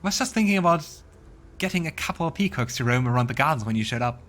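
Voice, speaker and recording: A man's voice: fairly high pitch, animated, fast talker, fairly bright tone, pitched above the performer's own voice. Guy doing a bossy bragging mercenary king wannabe, raised voice. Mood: boastful. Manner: bossy, boastful. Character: pompous greedy male mercenary dreaming of kingship.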